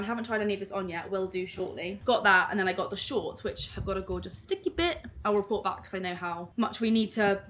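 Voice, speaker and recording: Young woman gushing over a haul at home, chatty and excitable, faint noise in the background. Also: medium pitch. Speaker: vlogger. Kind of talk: casual unboxing chat.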